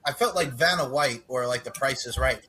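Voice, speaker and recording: A man's voice: mid-range voice, a little fast. A man co-hosting a casual podcast, playful and teasing, piling up pop-culture references as he banters. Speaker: podcast co-host.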